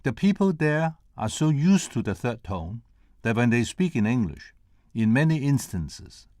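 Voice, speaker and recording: This is an older man from Hong Kong delivering a lecture to a conference audience. He speaks very slowly at a middle pitch and sounds out each tone and syllable separately as he demonstrates them. The recording is dry, with almost no room sound. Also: darkish tone, dry recording. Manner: measured and deliberate, sounding out tones and syllables one by one. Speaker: presenter at a conference. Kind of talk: prepared lecture with spoken demonstrations.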